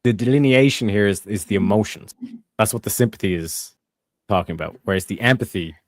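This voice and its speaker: Fast-talking man debating heatedly. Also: on the low side, expressive, dry recording, studio quality. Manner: fast, repetitive restarts, swears.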